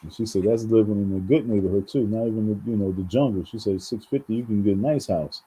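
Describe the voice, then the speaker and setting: A man's voice: fairly low pitch, quick pace, dark tone, slightly rough, rough recording. A man from New York talking straight to his viewers in a rambling commentary, often repeating words and calling them folks. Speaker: vlogger. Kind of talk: casual commentary monologue.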